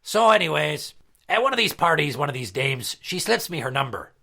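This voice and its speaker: A crude, boastful pirate entertainer, played by a man, talking in a gravelly, bright voice slightly above the usual male range. He swears freely and spins his stories with swagger. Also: on the high side, sing-song, a little fast, full character voice. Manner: crude, profane storytelling. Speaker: regular character. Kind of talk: comedy podcast skit.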